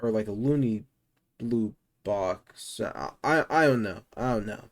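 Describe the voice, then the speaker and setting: A man casually telling a storytime, slangy and emphatic, with loud exasperated outbursts. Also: on the low side, measured pace.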